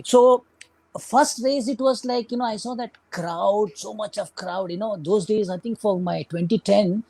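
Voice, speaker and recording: A man's voice: high-pitched, a little mellow, dry recording. A middle-aged Indian man with an Indian English accent, a guest runner telling his story in a casual interview, full of "you know" and "like".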